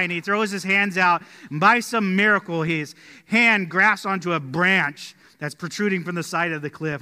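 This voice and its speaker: A man preaching a sermon as pastor, telling stories and dropping his voice low and slow to stress key points. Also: in a large hall. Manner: storytelling, drops quiet and slow on key points. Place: church sanctuary.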